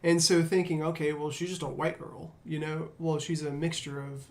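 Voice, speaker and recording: A man's voice: a little high, little pitch movement, moderate pace. A man hosting a casual discussion, reflective and storytelling, with frequent fillers. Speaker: podcast host.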